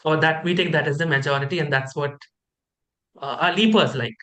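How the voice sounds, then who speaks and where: This brisk, medium-pitched host greets participants joining an online training by video call. With lots of energy and cheer, she leads the group through a game.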